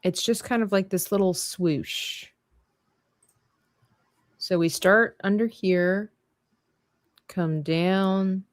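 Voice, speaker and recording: A woman's voice: fairly low pitch, creaky, no room sound. A woman hosting a live drawing stream, chatting playfully and thinking aloud as she works. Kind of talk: casual chat while drawing.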